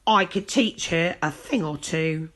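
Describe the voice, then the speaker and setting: A woman's voice: low-pitched, unhurried, fairly bright tone. A woman reading aloud and voicing a smug, know-it-all male pig who lectures without listening.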